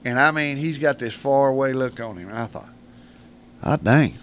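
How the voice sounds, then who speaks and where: A man's voice: medium pitch, fairly quick, fairly bright tone, a little hiss or hum. A man, a podcast guest telling rambling, folksy stories and laughing through them. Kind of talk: casual storytelling.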